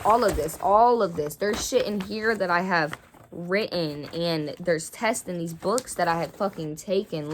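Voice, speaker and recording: A woman's voice: on the low side, a bit bright, slight background noise. A young woman telling a heated, profane storytime rant about her job in a vlog. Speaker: vlogger.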